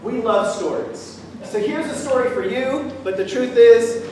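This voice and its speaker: A man's voice: extremely high pitch, unhurried, a little mellow, a little hiss or hum. Playful storytelling man in echoey church. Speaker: guest speaker at interfaith service. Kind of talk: storytelling sermon. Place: large church sanctuary. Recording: echoey hall from far off.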